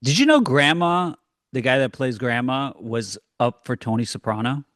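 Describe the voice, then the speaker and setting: A laid-back man in casual podcast conversation, often answering with short agreements. His pitch is in the middle range. The sound is dry and close. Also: lively intonation, normal speed, a bit bright, no room sound. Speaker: podcast co-host. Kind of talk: casual chat.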